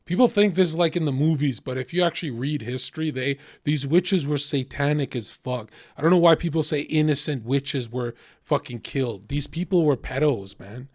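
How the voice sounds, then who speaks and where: A man's voice: fairly high pitch, moderate pace, few pauses, dry recording, studio quality. A man hosting a podcast, telling stories bluntly and swearing freely. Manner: blunt, profane storyteller. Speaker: podcast host. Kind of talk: casual podcast chat.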